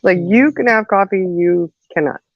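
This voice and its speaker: A woman's voice: medium pitch, moderate pace, no room sound. A woman hosting a casual livestream chat, telling stories with frequent laughter. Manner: chatty storyteller, laughs often. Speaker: host of a live chat show. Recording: dull lo-fi dry sound.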